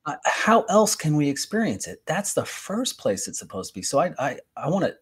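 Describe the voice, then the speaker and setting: A man's voice: fairly high pitch, big pitch swings, fairly quick, husky. A man being interviewed as a guest on a faith talk show, speaking in an earnest, encouraging way.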